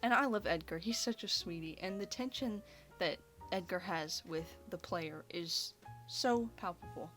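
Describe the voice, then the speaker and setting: A woman's voice: on the low side, unhurried, fairly bright tone. A young woman rambling casually and gushing, with lots of "like" fillers. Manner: gushing, chatty, heavy use of "like" fillers. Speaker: video creator. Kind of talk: casual rambling ranking video. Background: faint background music.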